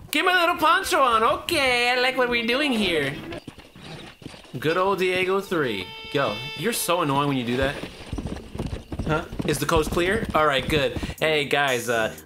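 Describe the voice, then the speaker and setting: A man giving casual commentary over a video game, excitable and profane, with sudden shouted outbursts. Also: on the high side, slight background noise. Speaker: gaming YouTuber. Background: game music and horse hooves.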